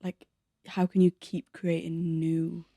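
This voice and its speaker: A woman's voice: on the low side, little pitch movement, slow, gravelly, dark tone, dry recording, studio quality. A woman from North Wales, a guest folk musician in a casual podcast chat, hesitant and trailing off with many fillers.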